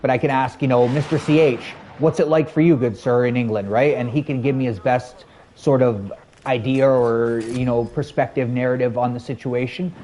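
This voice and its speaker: A man's voice: mid-range voice, steady tone, moderate pace, dark tone, slight background noise. Rambling male game streamer. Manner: rambling, friendly, chatting with viewers between game reactions. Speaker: gaming streamer. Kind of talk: casual live-stream chat while gaming.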